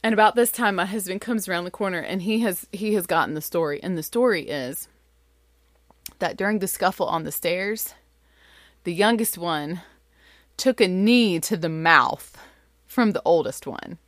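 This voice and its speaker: A woman in her thirties, a mother, telling a family story in an animated, chatty way with lots of fillers. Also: fairly low pitch, moderate pace, no echo, clean studio sound. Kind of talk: casual storytelling.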